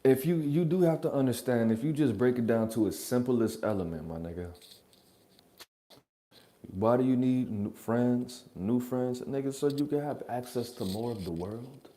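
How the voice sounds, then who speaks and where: A man's voice: medium pitch, moderate pace, warm tone. A man hosting a reaction channel, rambling through blunt, profane, joking advice in a casual monologue from his apartment.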